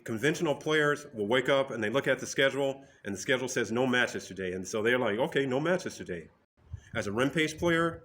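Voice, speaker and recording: A man delivers a motivational talk with emphatic, direct phrasing. His voice sits at a medium pitch, and a faint noise runs under the recording. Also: a bit bright.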